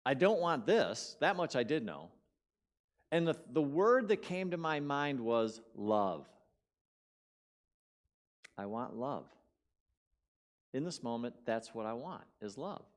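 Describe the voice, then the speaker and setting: Speaking in an animated, mid-range voice at a moderate pace, a man preaches as a guest in a church sanctuary. His sermon is conversational and full of stories, shifting from loud bursts to quiet drops with repeated words for emphasis.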